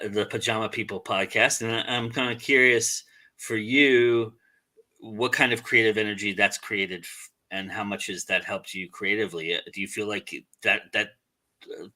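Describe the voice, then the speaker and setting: Deep-voiced man host, halting questions, sharp bright tone. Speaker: podcast host. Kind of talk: casual interview chat.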